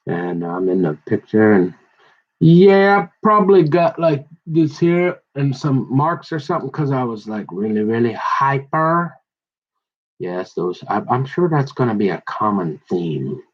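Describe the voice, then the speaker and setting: A man telling rambling personal stories, digressive and halting, with many restarts and asides. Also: lowish voice, big pitch swings, slightly rough. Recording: dull lo-fi recording.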